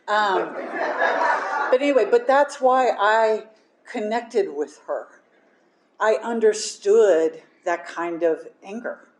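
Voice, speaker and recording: A woman with a low voice gives a candid personal testimony. She pokes fun at herself and laughs often. Her voice rings in an echoey room with a faint hum of ambience behind it. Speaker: speaker sharing a recovery story.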